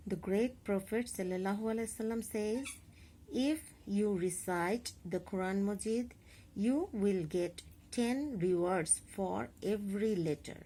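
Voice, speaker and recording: Slow, mellow-voiced Bangladeshi woman teacher. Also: medium pitch. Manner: slow, careful explanation with spelled-out examples. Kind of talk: recorded online class lesson.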